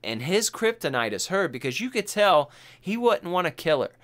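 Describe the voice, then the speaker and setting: An excitable podcast host who chats casually and swears freely as he talks. His voice is bright and sharp, and his pitch swings up and down a lot. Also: normal speed. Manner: excitable and profane, acts out film quotes. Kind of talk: casual podcast chat about a film.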